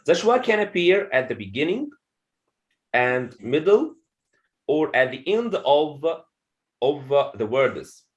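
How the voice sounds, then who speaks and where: Guy teaching english pronunciation, slow and sing-songy, says every word twice, lots of okays. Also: a little high, rough recording. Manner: slow and repetitive, says words twice to model them; frequent "okay" fillers. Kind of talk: slide-based lesson.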